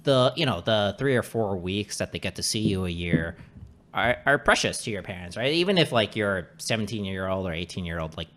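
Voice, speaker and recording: A man's voice: fairly low pitch, animated, brisk, a bit bright. A man in casual conversation, rambling with many restarts and frequent swearing, sharing his own experiences. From Canada. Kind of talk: casual chat.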